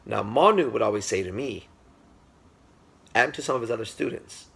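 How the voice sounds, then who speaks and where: Male teacher, low gravelly voice, husky, animated storytelling lecture. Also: normal speed. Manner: animated storyteller, addresses listeners directly.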